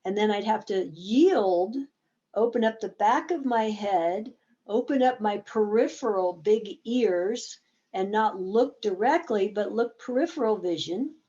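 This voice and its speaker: A woman's voice: mid-range voice, mellow, dull audio. A woman therapist explaining a game in a conversational teaching talk, acting out bits of dialogue as examples.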